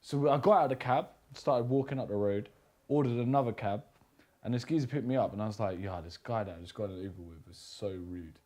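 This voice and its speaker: A man's voice: fairly low pitch, quick pace, darkish tone. A man hosting a casual chat, telling a rambling story and swearing casually. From England. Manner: rambling, swears casually, laughs at own stories.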